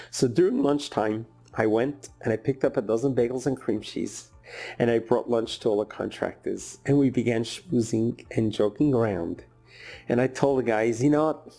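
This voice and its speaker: A man speaking as a rabbi, telling a lively story in a sermon and acting out the people in it. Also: mid-range voice, vocal fry. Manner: lively storyteller, acts out quoted voices.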